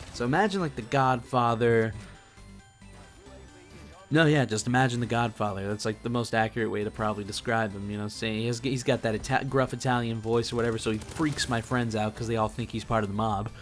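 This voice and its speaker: A man's voice: medium pitch, animated, moderate pace, faint music behind. A young man hosting a gaming channel, telling a rambling, self-mocking story over gameplay.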